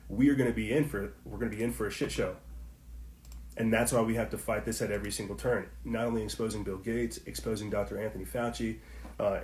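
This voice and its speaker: With reverberation around his lowish voice, this man hosts a political commentary podcast. Addressing listeners directly, he's heated and preachy and keeps repeating his points.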